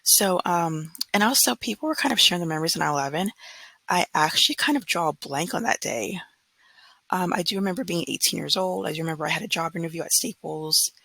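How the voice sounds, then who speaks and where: A woman's voice: lowish voice, fast, gravelly, sharp tone, slightly rough, no room sound, poor audio. A woman in her thirties from California, talking earnestly and frankly in a casual vlog monologue, often mimicking others in mocking quotes. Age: 30s. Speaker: vlogger.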